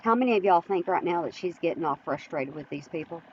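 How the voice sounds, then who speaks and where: A woman's voice: lowish voice, expressive, fast talker, a little mellow, dull audio, a little hiss or hum. A woman hosting an opinion commentary vlog, chatty and teasing, often laughing. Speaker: host.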